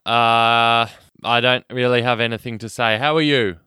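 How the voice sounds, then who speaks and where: A man's voice: mid-range voice, steady tone, normal speed, bright, forceful tone, clear, resonant tone, dry recording, studio quality. A man co-hosting a film podcast in casual chat, joking and teasing his partner. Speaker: podcast co-host.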